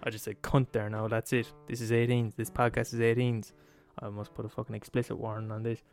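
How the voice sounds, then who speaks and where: Male podcast host, mid-pitched, sweary comic rant with faint guitar music underneath. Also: flat delivery, brisk. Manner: profane, emphatic, laughs at his own points. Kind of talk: comedic rant.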